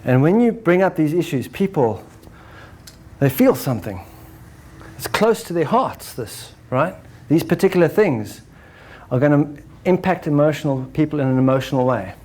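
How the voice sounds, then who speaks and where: A man giving a lecture to an audience, animated, acting out examples and ending points with "right?". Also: a little high, normal speed. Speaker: speaker.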